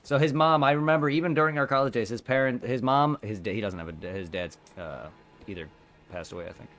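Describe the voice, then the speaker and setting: Young male streamer, casual rambling storyteller, average pitch. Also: fast, a bit bright, faint music behind. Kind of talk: casual chat while gaming.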